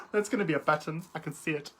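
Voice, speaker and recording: A woman's voice: low voice, racing, a bit bright, husky. A middle-aged woman hosting a live chat, reading out viewer comments in a camp, theatrical, giggly manner. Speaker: livestream host.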